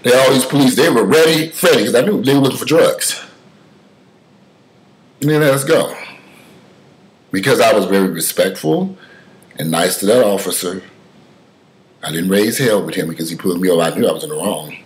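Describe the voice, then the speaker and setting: A man giving casual spoken commentary, telling stories with emphatic swings from loud outbursts to mutters, cursing freely. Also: on the low side, fairly quick, long pauses, low-quality recording.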